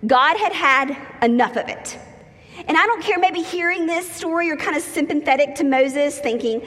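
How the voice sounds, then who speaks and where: Woman, high voice, lively humorous sermon, long reverb of a church hall. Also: normal speed. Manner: lively, humorous storytelling with acted-out quotes. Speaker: preacher.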